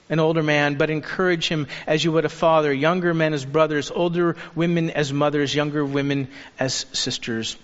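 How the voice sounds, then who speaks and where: A man preaching a sermon as a pastor, earnest and urging, turning lively when he acts out the people he quotes. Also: on the high side. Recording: dull sound with long reverb of a hall.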